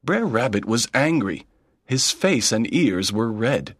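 A man's voice: mid-range voice, sing-song, takes it slowly, a bit bright, breathy edge, dry recording. A man reading a children's story aloud in plain, simple sentences. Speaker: narrator. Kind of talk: slow read-aloud storytelling.

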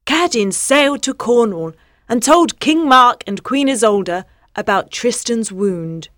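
A woman narrating a storybook in a slow, clear, evenly paced reading. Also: medium pitch, no echo, studio quality. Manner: slow, clear, even pacing.

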